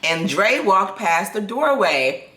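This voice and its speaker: A woman in her forties telling a personal story to her own camera, animated and restarting sentences. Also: mid-range voice, slow pace, roomy sound. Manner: animated, restarts sentences, acts out quoted people. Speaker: vlogger. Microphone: self-filmed camera.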